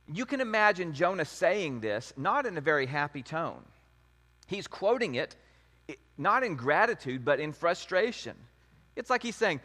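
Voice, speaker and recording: A man giving a conversational sermon on scripture, with an animated, lively delivery that jumps up in pitch when he acts out quotes. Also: moderate pace, big-room sound. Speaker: preacher.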